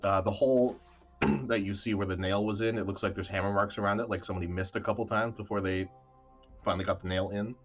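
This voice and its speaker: A man narrating a tabletop game as game master, relaxed and hesitant with many fillers. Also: lowish voice, fast talker, faint music behind. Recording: dull lo-fi mic.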